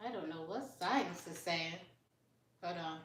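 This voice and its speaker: A woman's voice: on the low side, fairly bright tone, distant mic, a little hiss or hum. A woman chats on a live stream, hunting for her words and restarting sentences as she catches up on comments. Her voice sits back from the microphone. The room around her adds a noticeable echo. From United States. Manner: halting and searching, with frequent restarts while reading comments. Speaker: live streamer chatting with viewers. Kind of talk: casual live-stream chat. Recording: roomy, voice set back from the mic.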